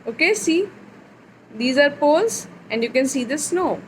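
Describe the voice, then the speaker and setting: A woman teaching a young child phonics, reading words slowly and clearly and repeating them. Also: high-pitched, expressive, slight background noise, rough recording.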